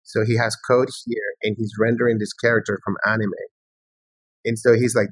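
Middle-aged male host, lowish husky voice, dry close sound, eager and repetitive. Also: steady tone, normal speed, fairly bright tone, dry recording, poor audio. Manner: enthusiastic, repeats phrases. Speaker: podcast host. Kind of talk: casual interview chat.

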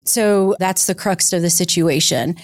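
A woman, a startup founder, answering questions in an interview in a lively, explanatory, conversational way. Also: lowish voice, a little slow, no room sound, studio quality. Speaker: guest, startup co-founder and CEO.

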